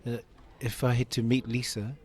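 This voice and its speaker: A man's voice: mid-range voice, level tone, normal speed, darkish tone. A man in his fifties giving an interview, telling a personal story earnestly and acting out the dialogue. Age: 50s. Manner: earnest, acts out quoted dialogue. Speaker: interview guest.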